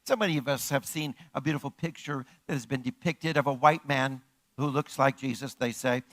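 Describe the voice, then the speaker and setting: A man preaching a sermon as pastor. He repeats his points and asks the congregation rhetorical questions, moving from hushed, close lines to loud, emphatic calls. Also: medium pitch, steady tone, a little fast, no room sound.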